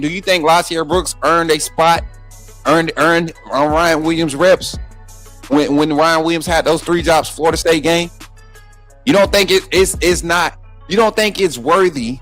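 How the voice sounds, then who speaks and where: A man with a high-pitched voice hosts a live sports talk stream. He talks combatively and repeats himself, speaking straight to his viewers. Faint music plays behind him. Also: fairly bright tone. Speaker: sports show host.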